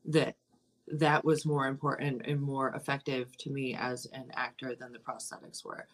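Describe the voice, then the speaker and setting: A woman's voice: very deep voice, little pitch movement, normal speed. A woman in her thirties, an actress and co-producer, talking candidly in an interview and swearing freely. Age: 30s. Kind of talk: casual interview.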